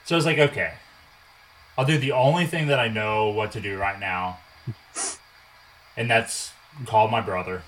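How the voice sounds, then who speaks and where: A man's voice: lowish voice, moderate pace, long pauses, fairly bright tone, low-quality recording. Guy in his 20s telling a wild story, swears a lot, acts out quotes, faint background hum. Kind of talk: casual storytelling.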